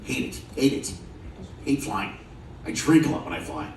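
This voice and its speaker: A man's voice: medium pitch, expressive, moderate pace, a little mellow, roomy sound, recorded from a distance, slight background noise. A man doing stand-up comedy in a show lounge, loose and profane, teasing the audience between jokes. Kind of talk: stand-up comedy with crowd work. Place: cruise ship show lounge with a live audience. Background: audience laughter.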